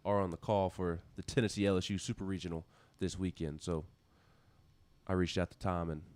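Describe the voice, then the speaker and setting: A man's voice: low-pitched, steady tone, fairly quick, a little mellow, no room sound. A man co-hosting a sports radio show, dry and matter-of-fact, handling the schedule and correcting others. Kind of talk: casual sports talk chat.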